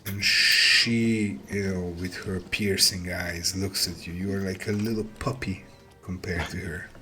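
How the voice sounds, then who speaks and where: A man running a tabletop game as game master, narrating in a low voice at a very slow, unhurried pace. He often stumbles and repeats words as he paints the scene. Music plays clearly behind him. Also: steady tone, sharp tone, low-quality recording. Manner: halting, repeats words, vivid description.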